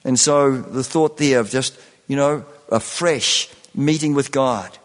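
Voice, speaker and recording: A man preaching a sermon, repeating phrases and filling pauses with "you know". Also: medium pitch, big-room sound. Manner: slow, repetitive preaching with many "you know" fillers.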